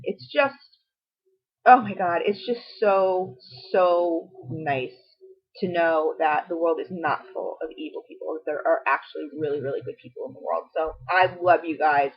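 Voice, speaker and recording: With a husky, fairly low voice and a moderate pace, a middle-aged beauty and home product vlogger gushes over an item in a casual review to camera. Her chatter is packed with asides. The recording has the dull quality of lo-fi home video.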